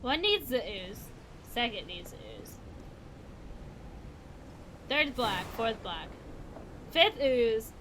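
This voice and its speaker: A woman's voice: on the high side, big pitch swings, extremely slow, pauses often, background noise. A woman streaming a puzzle game, muttering to herself and swearing in exasperation. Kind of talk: casual gameplay commentary.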